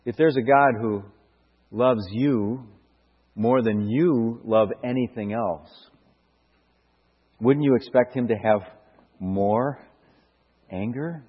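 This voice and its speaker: A middle-aged man preaching a sermon, earnest and searching, with stammered restarts and rhetorical questions that build to emphatic bursts. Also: medium pitch. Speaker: pastor. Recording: dull lo-fi sound with hall reverb.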